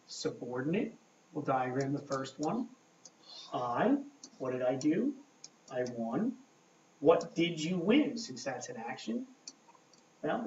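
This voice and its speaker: A man teaching a grammar lesson at a board, talking slowly and checking in often with "okay?". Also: on the high side, a little mellow, slight background noise. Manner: slow, checking in with frequent "okay?". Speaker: English teacher. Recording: echoey room, mic far off, dull lo-fi sound.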